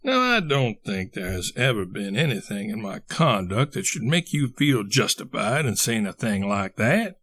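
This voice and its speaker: Bluff, boisterous old colonel, put on by a male reader; gravelly, loud bursts. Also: fairly low pitch, big pitch swings, moderate pace, hardly any pauses, dry recording, clean studio sound, exaggerated voice. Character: exuberant, bluster-prone older male colonel and schemer.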